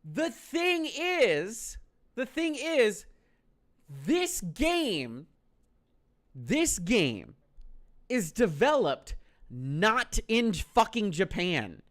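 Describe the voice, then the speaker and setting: A man's voice: high-pitched, sing-song, drawn-out words, long pauses, fairly bright tone. A man telling a story on a stream, profane, incredulous and exasperated.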